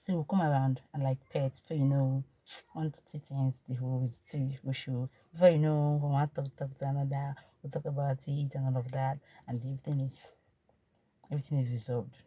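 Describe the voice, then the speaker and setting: Speaking briskly in a husky, rumbling low voice, a Nigerian-accented woman in her thirties recounts a personal story for her vlog. She repeats herself and grows emotional, swinging between animated and quiet moments. The recording is dry.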